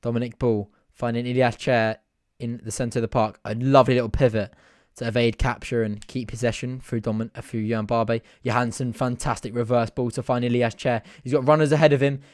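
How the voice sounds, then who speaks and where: A man hosts a live football watch-along, describing the match in a casual, chatty way. He gets excitable and laughs often as he breaks off to talk to viewers. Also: mid-range voice, a little fast, few pauses.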